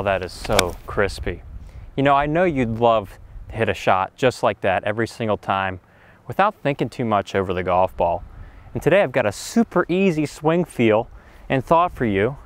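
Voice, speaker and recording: A man giving an energetic golf lesson on a practice range, talking with excitable enthusiasm and breaking into exclamations. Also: mid-range voice. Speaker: golf instructor.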